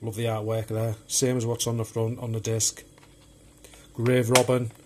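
Against background noise, a man shows off his home video collection in a medium-pitched voice with little pitch movement and a moderate pace. He chats loosely and rambles as he goes.

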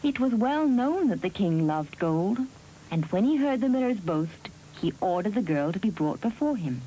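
A woman narrating a fairy tale in a measured, expressive storybook style. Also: mid-range voice, a little hiss or hum, rough recording.

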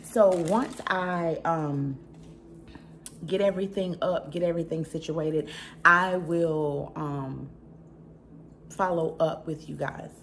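A middle-aged woman with a Southern American accent and a notably low voice talks through a home haul vlog. She is chatty and emphatic and speaks straight to her viewers, with a faint ambient hum behind her. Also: slow pace, long pauses, fairly bright tone. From Southern United States. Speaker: channel host.

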